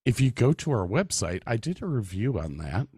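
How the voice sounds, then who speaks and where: A man's voice: medium pitch, sing-song, normal speed, darkish tone, breathy edge, no room sound, studio quality. A man hosting a podcast, telling stories with lots of laughter and swearing, acting out the voices of the people in them. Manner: laughing storyteller, swears freely, acts out voices in anecdotes. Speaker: podcast host. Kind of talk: casual chat. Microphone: studio mic.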